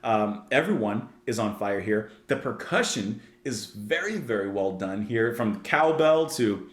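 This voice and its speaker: A man's voice: lowish voice, expressive, a little slow, reverberant. A man hosting a music reaction channel, reviewing a song in casual, enthusiastic speech that rambles with lots of "like" and restarts.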